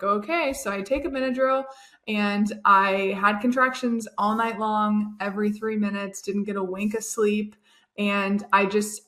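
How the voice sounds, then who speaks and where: A young woman, chatting in a relaxed way about a personal story, often laughing. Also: medium pitch. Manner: chatty, laughs often, acts out quoted voices. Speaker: guest, new mom. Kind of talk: casual storytelling.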